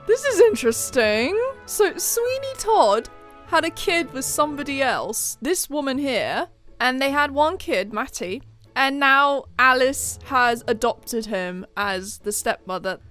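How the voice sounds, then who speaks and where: A woman giving casual gameplay commentary, chatty and excitable, with sudden shrieks of surprise. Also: high voice, a little slow, soft background music. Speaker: game commentator.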